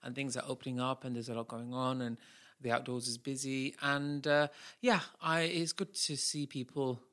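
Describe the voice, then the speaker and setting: A man's voice: mid-range voice, level tone, moderate pace, fairly bright tone. A man co-hosting a podcast in casual, playful chat, teasing and thanking listeners. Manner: playful, teasing, puts on silly accents. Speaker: podcast co-host.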